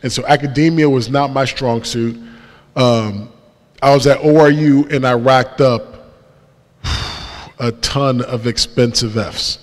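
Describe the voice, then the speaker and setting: Young male speaker, mid pitch, animated church testimony storyteller, big reverberant hall. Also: slow, long pauses. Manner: lively storyteller who acts out dialogue and laughs at himself. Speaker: guest speaker. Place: church sanctuary.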